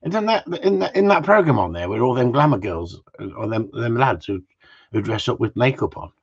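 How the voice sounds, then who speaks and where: A teasing man chats away on a casual live stream, rambling from one joke to the next. His voice is slightly husky, and the sound is dull and lo-fi. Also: medium pitch, big pitch swings, brisk. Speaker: host of a live gundog Q&A stream. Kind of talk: casual banter with live viewers. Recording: dull lo-fi livestream audio.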